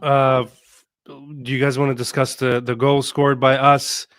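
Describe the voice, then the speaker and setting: A man hosts a casual football podcast, chatty and quick with a joke. His voice is mid-pitched, and the recording is dry, with little room sound. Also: flat delivery, fairly bright tone, no echo. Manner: jokey and chatty. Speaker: podcast host.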